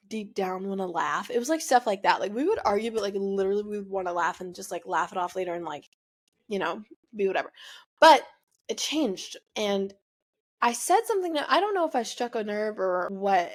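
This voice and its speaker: A young woman hosting her own podcast, confiding a painful personal story. She rambles and circles back, dropping "like" and "you know" constantly. Her voice sits at an everyday middle pitch. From United States. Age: young adult. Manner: rambling, heavy use of "like", emotional confessional. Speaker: podcast host.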